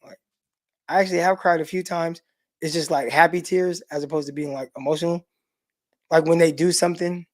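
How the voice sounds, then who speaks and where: A middle-aged man hosts a sports livestream, reading out and answering viewer comments in a relaxed, chatty way with many fillers, speaking straight to the chat. His pitch is fairly high and steady in tone, and he talks fairly quickly while pausing often.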